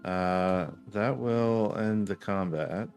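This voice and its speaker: A man running a tabletop game as game master, giving calm, measured rulings. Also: on the low side, faint music behind.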